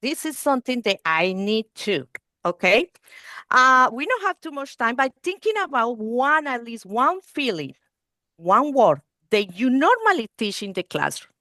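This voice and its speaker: A woman's voice: a little high, sing-song, a little slow, pushed and bright, dry recording, studio quality. A woman presenting a training webinar for early-learning teachers over a video call, speaking non-native English and often checking in with "okay?" and "you see".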